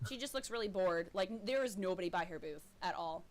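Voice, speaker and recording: A woman's voice: fairly low pitch, lively intonation, a little fast. A woman narrating as game master of a tabletop game in a rambling, giggly way, full of fillers.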